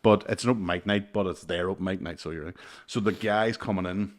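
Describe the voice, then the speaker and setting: Male comic host, low voice, loose sweary storyteller. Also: fast talker. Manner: swears freely, animated anecdotes. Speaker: comedian podcast host. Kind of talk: casual storytelling chat.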